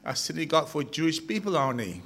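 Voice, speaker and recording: A man's voice: fairly high pitch, sing-song, quick pace, a bit bright, full character voice. A man doing a curt, stern doorman. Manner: curt and dismissive. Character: stern male synagogue doorman.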